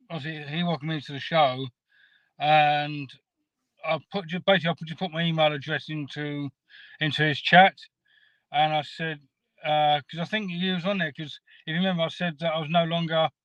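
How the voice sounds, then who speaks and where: Guy on a video call, bit high voiced, keeps restarting himself, dull dry sound. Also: fairly bright tone, no room sound. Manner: halting, rambling, restarts often. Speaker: guest caller. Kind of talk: casual storytelling chat.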